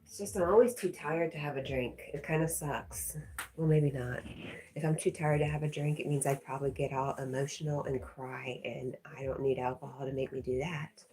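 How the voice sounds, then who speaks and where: Low-voiced chatty woman streamer. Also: steady tone, moderate pace, mellow, slight background noise. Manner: chatty, talks to her dog and viewers, laughs often. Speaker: livestream host reading chat. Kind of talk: casual chat livestream.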